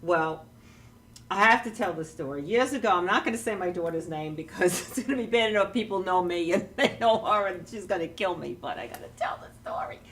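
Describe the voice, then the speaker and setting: A woman's voice: fairly low pitch, fairly quick, fairly bright tone, far from the mic. A woman telling a rambling story on a talk show, with many restarts and some laughter. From New York. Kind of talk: casual anecdote.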